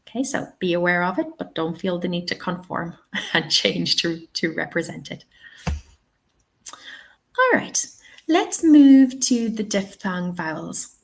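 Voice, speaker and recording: A woman's voice: on the low side, expressive, a little slow, creaky. A woman with an Irish accent teaching an online webinar for language teachers, patient and checking in often with her listeners. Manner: patient, checks in often with "okay" and "all right". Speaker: TEFL trainer.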